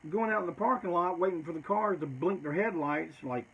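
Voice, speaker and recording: A man's voice: high voice, fairly quick, vocal fry, slightly rough, highs cut off. A man telling stories in a loose, rambling, profane way, often tacking "man" onto his sentences. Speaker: storyteller. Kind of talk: casual storytelling.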